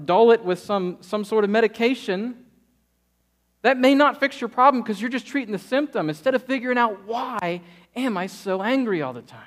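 A man in his thirties preaching a sermon, telling stories and acting out quotes with lively energy. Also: high-pitched. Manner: lively storytelling, acts out quotes. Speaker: pastor.

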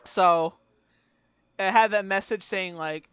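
A man's voice: high voice, lively intonation, normal speed, bright, forceful tone, no echo. Brief: young male podcast co-host, rambling crude self-mocking banter, dry close sound. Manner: rambling, crude, self-mocking, laughs through his stories. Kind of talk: casual chat.

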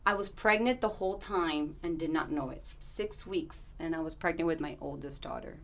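Woman, thirties, interview guest, candid personal storytelling, earnest, somewhat low voice. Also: moderate pace, fairly bright tone. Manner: earnest, candid, restarts and "you know" asides.

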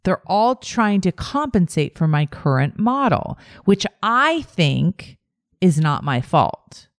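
Woman host, low voice with lively swings, slow calm coaching delivery, dry close sound. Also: no room sound. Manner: calm, repetitive, emphatic phrasing. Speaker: podcast host and life coach. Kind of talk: solo podcast teaching monologue.

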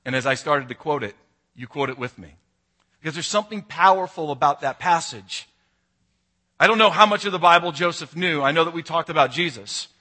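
A man preaching a sermon as pastor, telling a story earnestly and moving between hushed and emphatic passages. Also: on the high side, a little fast.

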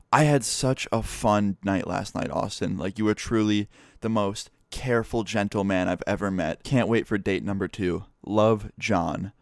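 A young man casually retelling a personal story for his channel, profane and animated. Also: on the low side, no echo, studio quality. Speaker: YouTuber. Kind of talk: storytime vlog.

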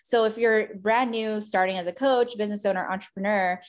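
A woman's voice: medium pitch, steady tone, fairly quick. A woman coach and mom chatting casually, agreeing often and rambling with many fillers. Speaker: podcast host and coach. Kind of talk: casual chat.

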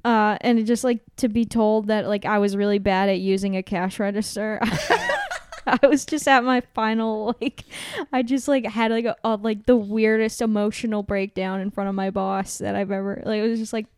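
A woman's voice: medium pitch, steady tone, a little fast, few pauses, darkish tone, a little hiss or hum. A young woman on a podcast, giggly and full of fillers, telling a story in casual chat. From Massachusetts. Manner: giggly, laughs often, many fillers. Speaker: podcast co-host.

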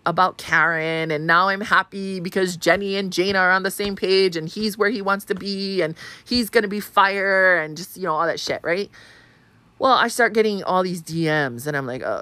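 Woman host, low-pitched, dry close mic, animated profane storytelling. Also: clean tone, no room sound. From Hawaii. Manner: animated, profane, acts out quoted voices. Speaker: podcast host. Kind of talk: casual storytelling monologue.

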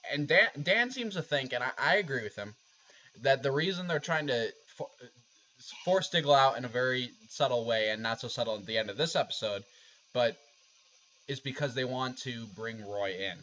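A man's voice: mid-range voice, pushed and bright. Man co-hosting a podcast, lo-fi sound. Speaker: podcast co-host. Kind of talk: casual podcast discussion. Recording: dull lo-fi audio.

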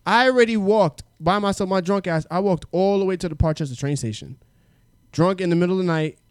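A man tells a comic story in a strikingly high voice. He is lively and profane, and he slips into the voices of the people in his story. The sound is dry and close. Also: fairly quick, clear, resonant tone, no echo. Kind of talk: comic storytelling in casual chat.

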